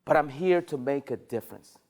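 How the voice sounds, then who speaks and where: A man leading a sales training session at a dealership, energetic and rallying, firing questions at the staff in the room. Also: medium pitch, brisk.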